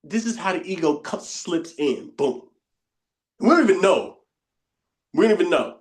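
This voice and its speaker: Running a bootcamp class, the man has a high-sitting, animated voice and talks at a normal speed. He keeps things conversational, often repeats himself, and voices inner monologues under his breath.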